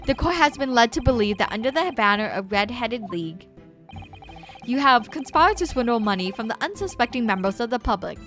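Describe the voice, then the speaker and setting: Stern courtroom judge, formal and measured, voiced by a woman. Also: on the high side, lively intonation, fairly bright tone, faint music behind. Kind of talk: reading game dialogue aloud.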